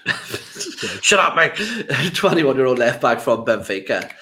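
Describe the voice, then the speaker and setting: A man's voice: medium pitch, sing-song, moderate pace, pushed and bright. An Irish man hosting a casual podcast, playful and loose as he leads into questions. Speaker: podcast host.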